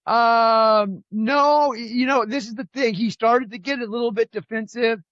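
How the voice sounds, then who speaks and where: A man's voice: extremely high pitch, fairly even intonation, measured pace, a bit bright, no echo, lo-fi sound. A man co-hosting a podcast, chatting casually about politics and telling stories, rambling, repeating himself and firing off emphatic rhetorical questions. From California. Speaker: podcast co-host.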